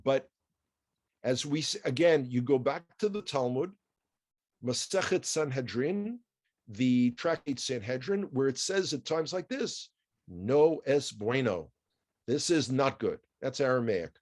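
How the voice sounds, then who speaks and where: A man's voice: medium pitch, expressive, unhurried. A man with a New York accent giving a chatty news commentary, wry and full of asides and rhetorical questions.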